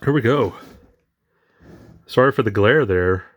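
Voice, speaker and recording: A man's voice: lowish voice, a little slow, dull audio, slight background noise. A man chatting casually while unboxing collectible toys, rambling with many fillers, his voice shaky with emotion. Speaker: toy collector vlogger.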